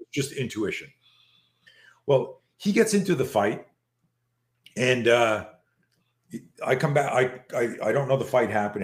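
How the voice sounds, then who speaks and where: Animated, profane man in his sixties. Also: medium pitch. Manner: profane and animated, with frequent restarts. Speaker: podcast guest. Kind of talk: storytelling in a conversation. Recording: roomy echo.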